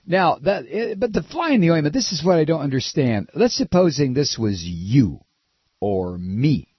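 A man's voice: a little high, very animated, normal speed, breathy edge, dry recording. A man hosting a political talk show, ranting in a sarcastic, scornful, mocking way, on a dull, lo-fi recording. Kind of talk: political commentary rant.

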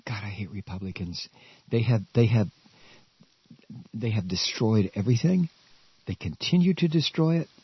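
A man rants on the radio in a lively, swooping voice that climbs into shouts. His tone is a little husky and he stumbles over his words. The sound is dull and dry. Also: lowish voice, normal speed, pauses often, dry recording. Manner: angry, stammering, shouting outbursts. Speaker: radio talk host. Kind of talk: political rant.

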